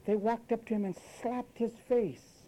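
A man's voice: very high voice, steady tone, unhurried, dark tone, slight background noise, poor audio. A man preaching a sermon, scolding and sarcastic, acting out quoted voices as he goes.

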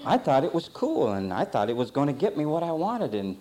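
A man's voice: a little high, fairly quick, crowd noise. A middle-aged man preaching a sermon, defining words and then telling a folksy story from his childhood. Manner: lively, swings between loud and quiet.

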